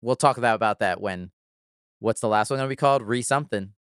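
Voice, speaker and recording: A man's voice: lowish voice, quick pace, smooth, no echo, studio quality. A man hosting a podcast in casual chat, enthusiastic and laughing often, with frequent swearing. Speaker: podcast host.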